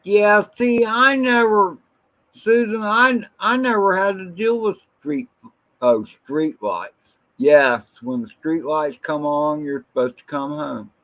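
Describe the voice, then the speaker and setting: Man, livestream host, slow unhurried rambler, reminiscing and answering chat. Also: sits high, lively intonation, fairly bright tone, low-quality recording. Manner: greets viewers from the chat by name. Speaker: drone channel livestream host. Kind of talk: casual livestream chat with viewers.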